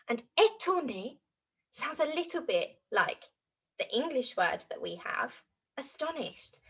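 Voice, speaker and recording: A woman teaching French to young children in an animated, exaggerated way, acting out feelings as she goes. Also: fairly high pitch, breathy edge, dull audio. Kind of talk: children's language lesson.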